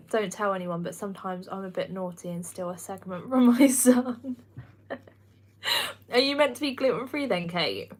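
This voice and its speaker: A woman's voice: mid-range voice, measured pace, pauses often, darkish tone. Chatty young woman with a Kent accent. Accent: Kent English. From England. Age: 20s. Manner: chatty, laughs often, reads and answers viewer comments. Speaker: livestream host. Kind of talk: casual live chat.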